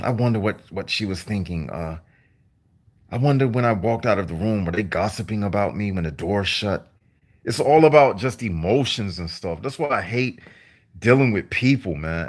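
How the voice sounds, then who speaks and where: A man delivering a deliberate, repetitive, preachy monologue to his viewers on a livestream. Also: lowish voice. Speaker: vlogger.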